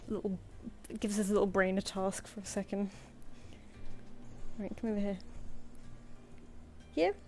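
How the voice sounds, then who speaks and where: A British woman chats loosely on a home live stream, with a mellow, soft-edged tone. She coos at her cat and gives it little commands between asides to her viewers. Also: mid-range voice. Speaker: artist streamer. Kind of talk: casual live-stream chat. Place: home room.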